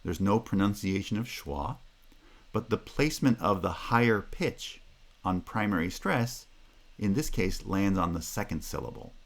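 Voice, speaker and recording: A man's voice: low-pitched, expressive, normal speed. A man giving a university linguistics lecture, explaining carefully and stopping often to check with "Okay?".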